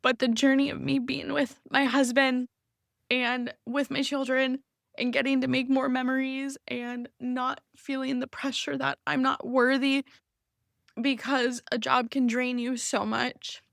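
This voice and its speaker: A woman's voice: high voice, little pitch movement, a little slow, vocal fry, fairly bright tone, dry recording. A woman in her thirties hosting an unscripted personal podcast, talking in an open, heartfelt and rambling way, close to tears. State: emotional, near tears. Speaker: podcast host.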